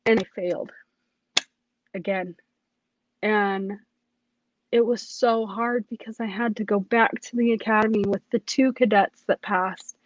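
A woman's voice: mid-range voice, fairly even intonation, unhurried, pauses often, dry recording, muffled recording. Earnest woman recounting a personal testimony. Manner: earnest, emotional storytelling with many restarts. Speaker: police academy cadet telling her story.

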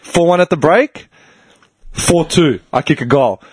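Man, 30s, husky and fairly high-pitched, animated profane storyteller. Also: a little slow. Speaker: storyteller among friends. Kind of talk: casual chat.

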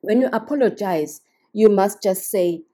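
A woman talks straight to her listeners in a casual podcast monologue, earnest and instructive. Her voice is very dark and mellow, with a husky, breathy edge. She keeps checking that the listener is following. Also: mid-range voice, a little slow. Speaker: podcast host.

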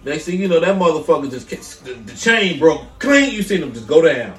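A man co-hosting a podcast, telling rapid, profane stories in loud casual chat and talking over his partner. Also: a little high, sing-song, roomy sound, far from the mic, faint music behind. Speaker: podcast co-host.

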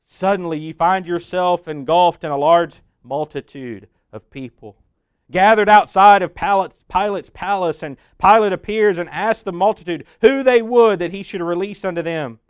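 A man narrating a sermon in a raised, fairly high register, his voice smooth and clear. He talks straight to the listener as "you", building to loud peaks and sinking to hushed lows. The sound is dry and close. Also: normal speed, dry recording. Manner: addresses the listener as "you", swelling loud then dropping hushed. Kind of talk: dramatic guided sermon narration.

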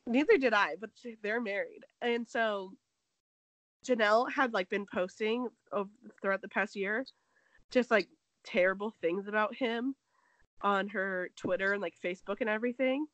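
A woman with a medium-pitched voice, speaking at a moderate pace, co-hosts a casual gossip chat and says she's sick. She retells a story with animated energy, acting out the quotes and saying "like" constantly. The recording is rough, with no room sound.

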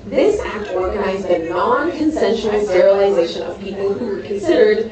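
A woman presenting history comedically, lively and wry. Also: mid-range voice, normal speed. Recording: echoey room, distant mic, crowd behind.

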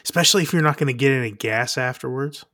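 Man, middle-pitched voice, easygoing, asks questions, swears, dry close mic. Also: fast talker, a bit bright, dry recording. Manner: laid-back, chiming in with questions. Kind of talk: casual chat.

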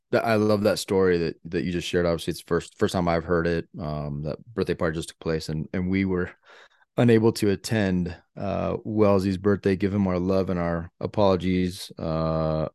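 Low gravelly man, earnest pep talk. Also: darkish tone, dry recording, clean studio sound. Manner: earnest, motivational, lots of filler words. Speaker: podcast co-host. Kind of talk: casual chat.

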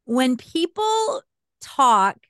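Woman in her 40s, radio-announcer punch on her words, bit high, dry close mic, chatty and laughing a lot. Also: sing-song, very slow, smooth, no echo. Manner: radio-style emphatic delivery, laughs often. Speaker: podcast co-host and voice actor. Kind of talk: casual chat.

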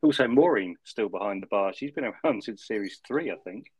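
A man's voice: on the low side, expressive, a little fast, darkish tone, husky, no echo. A man, co-hosting a casual podcast chat, chatty and swearing freely as he retells scenes. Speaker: podcast co-host.

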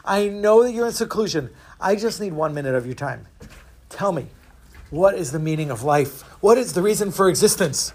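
A man's voice: sits high, lively intonation, normal speed, darkish tone. A man voicing a desperate male seeker who pleads for answers in a raised, strained voice. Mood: pleading, distraught. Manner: pleading, rising voice.

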